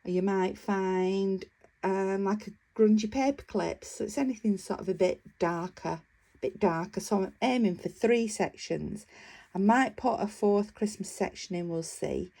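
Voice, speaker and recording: A woman's voice: mid-range voice, measured pace, vocal fry, mellow. A woman vlogger chatting casually about her craft work, enthusiastic and rambling, with frequent fillers. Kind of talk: casual show-and-tell chat.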